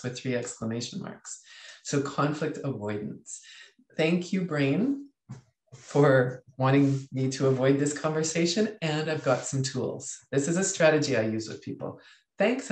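Lively coach in an echoey room. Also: male voice, mid-range voice. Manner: lively, reads out chat comments, acts out inner voices. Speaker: leadership coach. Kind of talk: webinar teaching.

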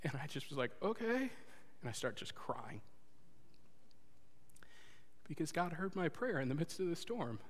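A man preaching a sermon and telling a personal story, earnest, moving between loud urging and hushed confession. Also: fairly high pitch, animated, normal speed, long pauses. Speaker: pastor. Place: church sanctuary before a congregation. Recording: long hall reverb.

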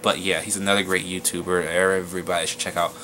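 A young man talks through a loose, rambling vlog, cursing casually and tripping over names. His voice sits low but comes across forceful and tense. Faint background noise runs under the recording. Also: flat delivery, quick pace. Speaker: YouTuber giving shoutouts.

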